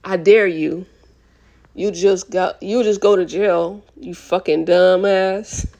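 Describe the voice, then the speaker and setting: A woman reading aloud, voicing a furious young woman who yells and curses at her boyfriend. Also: on the low side, steady tone, slow, vocal fry. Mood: defiant. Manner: yelling, cursing, heated.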